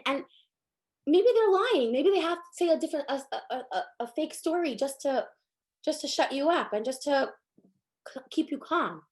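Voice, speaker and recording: Casting: high-pitched woman, casual Torah class, animated, acts out the people in her stories. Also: moderate pace. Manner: animated, rises in pitch and force when stressing a point. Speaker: Torah teacher.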